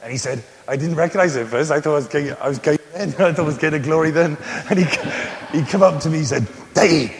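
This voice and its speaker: A man's voice: fairly high pitch, quick pace. Man, 60s, preacher, storytelling, jokey, faint background noise. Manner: animated, joking storyteller with many amens. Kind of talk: sermon. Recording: reverberant hall with faint noise.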